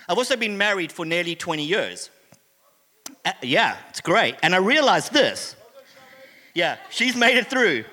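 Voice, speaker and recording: High-voiced bright man preaching. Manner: humorous, conversational preaching. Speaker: pastor. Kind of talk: sermon. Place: church hall. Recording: reverberant hall.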